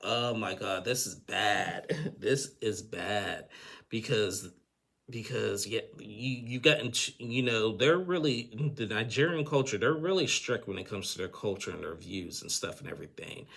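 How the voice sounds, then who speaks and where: Male recapper, low gravelly voice, casual and rambling, with restarts. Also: expressive, moderate pace, fairly bright tone. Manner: rambling, with frequent restarts and chuckles. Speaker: TV recap host.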